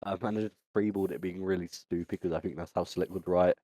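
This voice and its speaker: A man's voice: sits low, fairly even intonation, quick pace, dark tone, no room sound. A man hosting a casual podcast chat, rambling with many ums and restarts. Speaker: podcast host.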